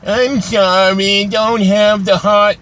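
A man voicing a spaced-out female barista who apologizes slowly and haltingly. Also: medium pitch, fairly even intonation, fairly bright tone, pitched above the performer's own voice. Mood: apologetic.

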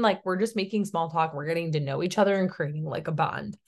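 A woman's voice: fairly low pitch, steady tone, fast, few pauses. A woman in her thirties from Tennessee, giving a chatty, encouraging sales training talk and often checking in with "okay?". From Tennessee, USA. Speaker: network marketing team leader.

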